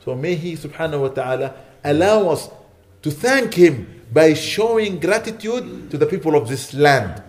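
A man giving a mosque lecture as a sheikh, preaching with fervent emphasis that softens into quiet prayer. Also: on the high side, lively intonation, normal speed.

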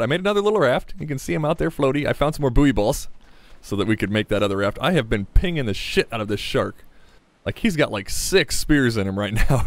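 A young man giving casual, chatty gameplay commentary, excitable and swearing freely as he talks to the game. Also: medium pitch, no room sound. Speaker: gaming YouTuber. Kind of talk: casual let's-play commentary.

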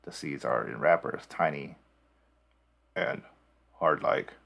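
A man voicing a gruff male android, reading out what it finds in a flat, deliberate way. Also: very deep voice, heavily acted. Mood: matter-of-fact.

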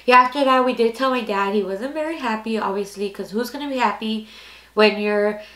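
A woman's voice: fairly high pitch, brisk, a bit bright. A woman in her twenties telling a personal story casually, rambling and candid, with lots of "like" fillers. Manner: candid, rambling, heavy use of "like". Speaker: storytime vlogger. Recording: echoey room.

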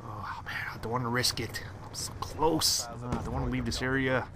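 A young man commenting on his own online shooter match, muttering to himself one moment and yelling curses the next. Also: mid-range voice, little pitch movement, brisk, noisy background. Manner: swings from muttering to loud swearing rants. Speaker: gaming commentator. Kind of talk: live gameplay commentary.

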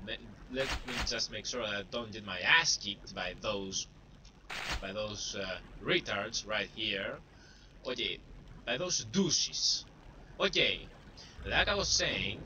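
A man's voice: on the low side, expressive, slow pace. A young man casually commenting on his gameplay, rambling, putting himself down and taunting enemies. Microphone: cheap desktop microphone. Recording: distant mic with clear background noise.

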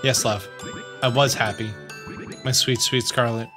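A man voicing an old male bomb sailor who talks slowly, softly and formally, with tender, grieving words for a lost love. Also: medium pitch, steady tone, over music, pitched below the performer's own voice, close to an everyday voice. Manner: slow, soft, tender and formal.

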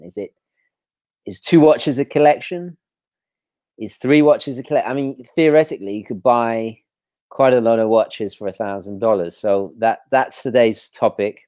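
A man hosting a live stream, greeting viewers from the chat in a relaxed way with frequent ums and restarts. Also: lowish voice, dry recording, studio quality. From London. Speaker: watch channel host.

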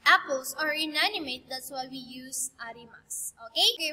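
Bright high-voiced Filipino woman teaching. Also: normal speed, in a large hall. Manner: patient, repeats "okay?" to check understanding. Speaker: Japanese language teacher. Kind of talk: online grammar lesson.

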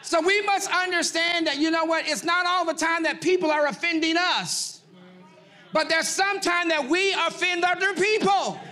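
A middle-aged man preaching a sermon, exhorting the congregation and swinging from shouted peaks to low asides. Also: steady tone, normal speed. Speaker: pastor.

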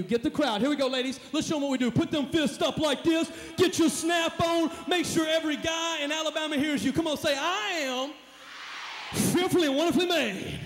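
A man as a motivational speaker on stage, hyping up a live church crowd with shouted calls and responses. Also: very high voice, a little hiss or hum. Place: large hall at a live event. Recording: echoey hall, live event.

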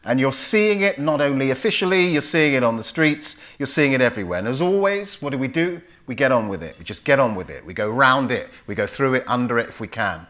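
A London-born author in his fifties, speaking with a London English accent, tells stories to an audience at a club event. His medium-pitched voice moves a little fast with hardly any pauses, and he animatedly acts out the voices in the dialogue.

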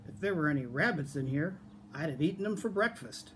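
A man voicing a hungry, greedy male fox in a slow, drawn-out, gloating storybook voice. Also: on the high side, lively intonation, a little hiss or hum, close to an everyday voice.

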